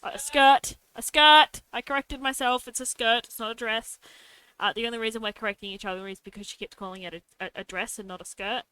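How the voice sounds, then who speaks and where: Young woman streamer, bright voice, chatting to herself while drawing, silly little noises. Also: fairly high pitch, little pitch movement, fast, clean tone, no echo. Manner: talks to herself while drawing, adds playful sound effects.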